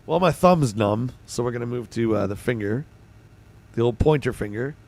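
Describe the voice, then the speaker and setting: Hosting a livestream, a man from Canada speaks with a Canadian accent, casually reading messages from his chat and answering them. He has a mid-range, slightly mellow voice and talks at a normal speed.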